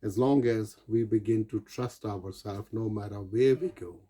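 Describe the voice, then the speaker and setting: A man's voice: lowish voice, a little slow, dark tone, husky. A man giving an earnest motivational talk, coaching his listeners and calling them guys. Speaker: self-help speaker.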